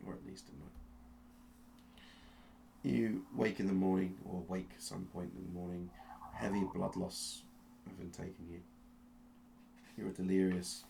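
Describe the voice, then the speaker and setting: A man narrating a tabletop game as game master, telling the story slowly and with suspense, often restarting his sentences. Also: low-pitched, level tone, gravelly, dark tone, a little hiss or hum. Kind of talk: dramatic second-person narration of a tabletop game.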